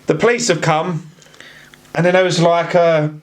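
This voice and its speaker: A man telling a story on a podcast in casual chat, acting out the voices of the people he quotes. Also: moderate pace. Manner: animated, acts out quoted voices with big pitch jumps. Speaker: podcast guest.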